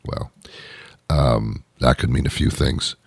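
A man's voice: rumbling low, fairly even intonation, slow, creaky, husky, no room sound, studio quality. A man hosting a comedy show, delivering a rambling comic monologue with frequent restarts and mock outrage.

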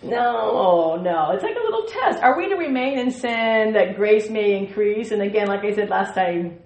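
A woman's voice: mid-range voice, lively intonation, normal speed, a little mellow. A woman teaching a Bible study in a playful way, with laughing asides and her own sound effects. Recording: echoey room.

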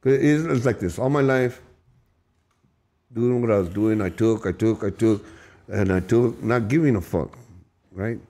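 Guy telling his recovery story, gravelly and kinda dark, cusses a lot, emotional, keeps restarting lines. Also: fairly low pitch, measured pace, pauses often. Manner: profane, emphatic, emotional, with many restarts. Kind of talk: candid storytelling.

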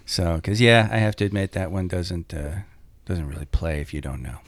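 A man in casual podcast chat, animated, telling stories and quoting movie lines. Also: deep voice, moderate pace, no echo.

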